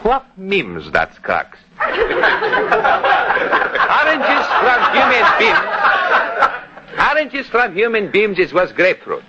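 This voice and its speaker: A man's voice: high-pitched, wildly swooping pitch, slow pace, pauses often, muffled recording, over a noisy crowd, pitched above the performer's own voice, full character voice. A man voicing a boastful Greek restaurant owner in a put-on Greek accent, mangling English as 1930s vaudeville dialect comedy, on a noisy old radio recording. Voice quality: garbled broken English, malapropisms. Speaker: comic dialect monologue.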